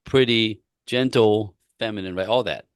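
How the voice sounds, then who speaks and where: Low-voiced man coaching with emphatic repetition. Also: moderate pace, clear, resonant tone, dry recording, studio quality. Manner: emphatic, repetitive, animated storytelling. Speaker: relationship coach. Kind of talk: casual interview talk.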